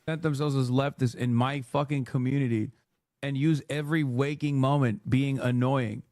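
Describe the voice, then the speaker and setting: A man in a played stream clip rants in a mid-pitched voice, full of profanity and scorn. The sound is dry, with no room around it. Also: steady tone, moderate pace, a little mellow, no echo. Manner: angry, profane, dismissive.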